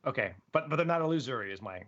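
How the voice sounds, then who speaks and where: A man's voice: mid-range voice, animated, very fast, a bit bright. A man playing in a tabletop game, describing his moves in a stumbling, apologetic way. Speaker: player. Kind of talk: casual tabletop play. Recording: dull lo-fi sound.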